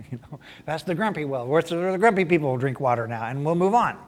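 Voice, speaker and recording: A man's voice: a little high, brisk. Preacher man in a reverberant hall. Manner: animated storytelling, swinging from loud bursts to hushed asides. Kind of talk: sermon.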